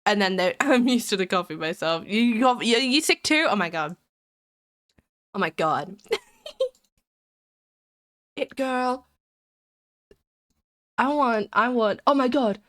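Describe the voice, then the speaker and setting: A woman's voice: fairly high pitch, expressive, takes it slowly, pauses often, fairly bright tone. A woman streamer chatting casually to her viewers, rambling and giggly, while sick with a cold. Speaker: live streamer. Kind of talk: casual live-stream chat.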